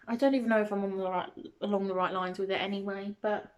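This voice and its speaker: A woman's voice: medium pitch, steady tone, a little fast. A young woman vlogging, answering questions to the camera in a hesitant way, with many ums and restarts and small laughs. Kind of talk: casual talk to camera.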